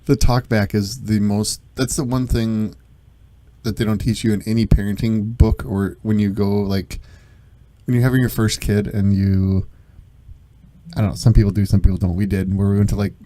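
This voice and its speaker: Low mellow-voiced man hosting chat. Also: little pitch movement, normal speed, no echo. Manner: laughs easily, candid and rambling. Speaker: podcast host. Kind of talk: casual chat.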